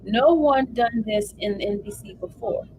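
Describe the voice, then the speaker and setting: A woman's voice: mid-range voice, moderate pace, noisy background. A woman hosting a livestream, giving emotional live commentary and reading updates aloud to viewers. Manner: animated, emotional, addresses viewers as y'all. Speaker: livestream host.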